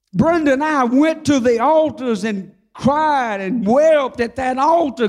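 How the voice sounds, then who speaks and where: An older man preaching with a strikingly high voice. He tells his testimony in a folksy, humorous way and slows to a fervent crawl on the words he wants to land. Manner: fervent, slows down on key phrases. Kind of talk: sermon with personal testimony.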